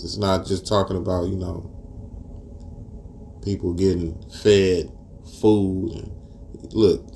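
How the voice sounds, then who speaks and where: A man with teaching scripture in a casual street style, mixing verses with profane stories and rising loud and high when outraged. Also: slight background noise. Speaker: preacher.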